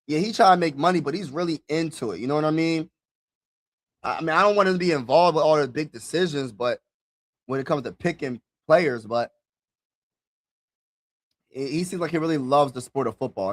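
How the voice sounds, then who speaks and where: A young man hosting a live draft reaction stream, talking casually and excitedly straight to his viewers and repeating himself. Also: mid-range voice, fairly quick, long pauses.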